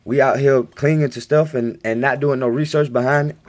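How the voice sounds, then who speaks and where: A man's voice: medium pitch, fairly even intonation, a little fast. A man giving a casual, rambling monologue to his viewers in a home recording, insistent and repeating himself. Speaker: video blogger.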